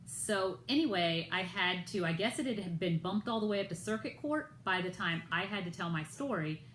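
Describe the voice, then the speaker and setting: A woman's voice: medium pitch, lively intonation, moderate pace, a bit bright, roomy sound, a little hiss or hum, rough recording. An American woman telling a personal story in a vlog, retelling it with indignation and acting out others' lines in raised voices. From United States. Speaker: vlogger.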